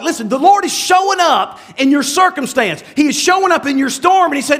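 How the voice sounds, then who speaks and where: A man's voice: extremely high pitch, expressive, brisk, fairly bright tone. A man preaching a sermon in a conversational way, with many asides and restarts, often asking the listeners rhetorical questions. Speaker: pastor.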